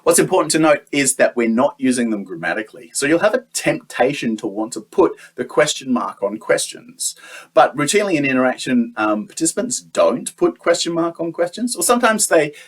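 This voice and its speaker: A man's voice: medium pitch, sing-song, fairly quick. A man teaching a lesson, explaining step by step with frequent "um" and "uh" fillers. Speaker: lecturer. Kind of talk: teaching lecture.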